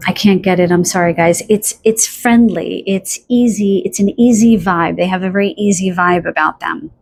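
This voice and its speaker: A woman giving a channeled pick-a-card tarot reading in a chatty, spontaneous way, often pausing to search for words. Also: lowish voice, vocal fry. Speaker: tarot reader.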